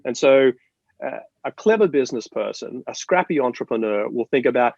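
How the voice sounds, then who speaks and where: A man from Australia, a guest in an interview, explaining ideas in an animated, storytelling way with many restarts. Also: medium pitch, moderate pace, creaky, no echo, lo-fi sound. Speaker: marketing guest. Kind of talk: interview conversation.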